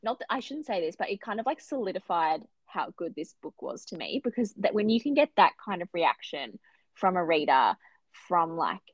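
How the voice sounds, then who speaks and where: A woman co-hosting a casual book podcast, animated and gushing, swearing freely as she talks. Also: lowish voice, normal speed, slightly rough, no room sound. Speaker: podcast co-host.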